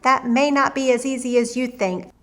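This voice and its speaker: A woman's voice: high voice, moderate pace, fairly bright tone. A woman voicing a clever giant's wife who talks sweetly and coaxingly. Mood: honeyed. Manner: coaxing, honeyed.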